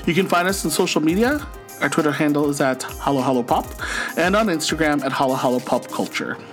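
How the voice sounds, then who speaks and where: A man in his forties co-hosts a relaxed podcast, and his voice sits a bit higher than most men's. He tells stories and puts on brighter voices when he quotes people. Faint music plays under the talk. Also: a little fast. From Canada. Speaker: podcast co-host. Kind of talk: casual podcast chat.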